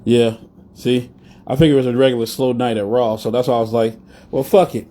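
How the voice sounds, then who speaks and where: A man's voice: mid-range voice, steady tone, brisk, mellow, a little hiss or hum. Blunt, profane man hosting a live show. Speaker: podcast host. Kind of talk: casual live-stream rant.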